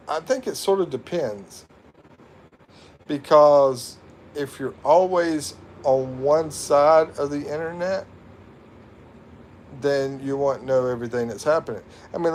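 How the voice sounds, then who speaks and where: A man's voice: medium pitch, darkish tone, slight background noise. A man with an American accent hosting a casual livestream, rambling and reading viewer comments, laughing at himself. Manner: rambling, self-mocking, laughs often. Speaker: livestream host. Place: home in the Philippines.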